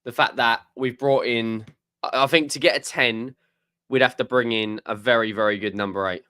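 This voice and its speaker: A man's voice: medium pitch, steady tone, moderate pace, pushed and bright. Eager male co-host on a fan stream. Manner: eager, chatty transfer-news talk. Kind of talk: casual live-stream chat.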